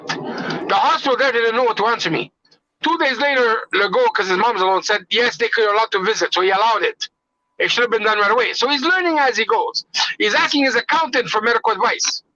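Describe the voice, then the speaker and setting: A man's voice: extremely high pitch, a little fast, sharp tone, no echo, highs cut off. A man calling into a podcast, blunt and swearing, his phrasing broken. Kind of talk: casual heated discussion.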